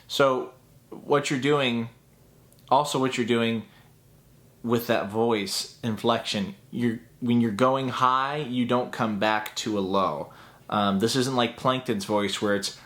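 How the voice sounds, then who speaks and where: A man's voice: mid-range voice, fairly bright tone. A man teaching a voice acting tutorial in an upbeat, chatty way that breaks into laughs at his own asides.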